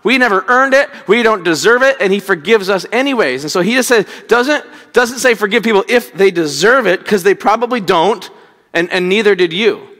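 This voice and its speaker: Man, pastor, high bright voice, casual sermon, repeats himself, long hall reverb. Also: expressive, a little fast. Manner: conversational, repeats words, acts out quotes.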